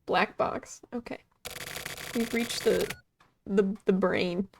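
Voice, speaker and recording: Slow-talking woman streamer over game music. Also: mid-range voice, steady tone, gravelly, noisy background. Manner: chatty, thinks aloud, swears freely. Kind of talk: live gameplay commentary.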